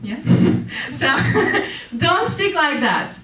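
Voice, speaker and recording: Brief: woman, keynote speaker, upbeat and laughing, fairly high voice, picked up from a distance. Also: very slow. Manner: lively, laughs often, acts out quoted people. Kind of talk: motivational public speech. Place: conference hall. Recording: echoey hall, voice from far off.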